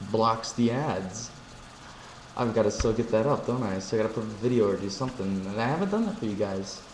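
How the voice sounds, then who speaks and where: A man hosting a live stream, chatting casually with viewers, joking and reading chat messages aloud. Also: fairly low pitch. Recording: echoey room with faint ambient noise.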